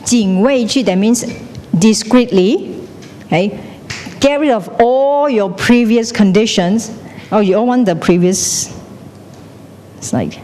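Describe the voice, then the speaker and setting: A woman's voice: slow, long pauses, mellow. A woman teaching a class, chatty, often checking in with "okay?" and slipping into Chinese phrases. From Malaysia. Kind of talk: classroom lecture. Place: classroom hall. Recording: echoey hall with faint rumble.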